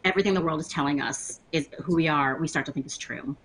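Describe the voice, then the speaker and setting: A woman on a discussion panel, telling a personal story in a lively, laughing way and acting out quotes. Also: low voice, fast, slight background noise, poor audio. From Latina.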